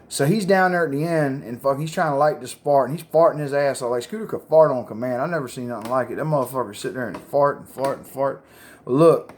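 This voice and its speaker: A man's voice: medium pitch, brisk, slight background noise. Profane man telling wild stories. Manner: profane, rambling, gets loud and excited telling jokes. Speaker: storyteller. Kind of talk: casual storytelling to a phone camera. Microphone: phone.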